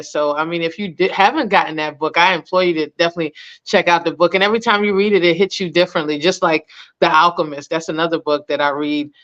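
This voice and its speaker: A woman's voice: deep voice, fairly bright tone. A woman guest in a casual interview, talking in an enthusiastic, chatty way. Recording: dull lo-fi sound.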